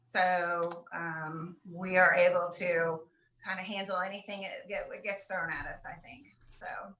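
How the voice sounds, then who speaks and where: A woman's voice: lowish voice, level tone, a little slow, bright, forceful tone. A woman therapist from the Florida Gulf Coast introducing herself on a video call, hesitant, with many fillers and trailing off. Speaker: licensed therapist. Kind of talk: casual panel introduction. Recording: echoey, dull video call audio.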